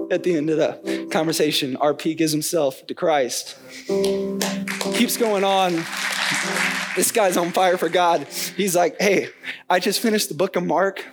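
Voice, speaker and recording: A young man giving a sermon in an earnest, conversational way, telling a story and acting out the voices of its people. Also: on the high side. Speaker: preacher. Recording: soft guitar music behind.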